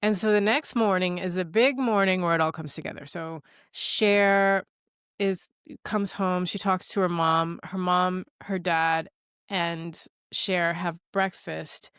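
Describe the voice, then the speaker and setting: A woman with a lowish voice cheerfully recaps a film plot for her co-host, slipping into quick impressions of the characters. The audio is dry and close, with no room sound. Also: smooth, no echo. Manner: animated storyteller, acting out characters' lines, laughing often. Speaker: podcast co-host. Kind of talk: casual film recap chat.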